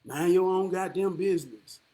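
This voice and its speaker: A man with a high-pitched, mellow voice at normal speed delivers an impassioned monologue. Emphatic and profane, he fires off rhetorical questions and keeps tacking "man" onto his lines as a filler.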